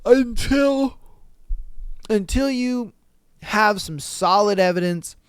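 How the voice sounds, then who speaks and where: A man with a fairly high, resonant voice hosts a casual podcast. He reads a listener's story and then weighs in bluntly and with lots of animation, swearing freely. The sound is dry and close. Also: slow pace, smooth, dry recording. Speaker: podcast host. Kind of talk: reading a listener story aloud and commenting.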